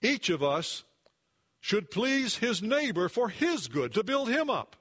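A man preaching a sermon in an earnest, conversational way, dropping his voice low for emphasis and rising when he acts out a doubter's words. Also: sing-song, slow pace, a bit bright, breathy edge. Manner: occasional restarts, conversational asides. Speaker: pastor.

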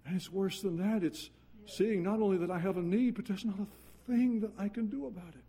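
A man preaching a sermon earnestly, dropping to quiet intensity and then rising into urgent passages. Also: high voice, brisk, slightly rough.

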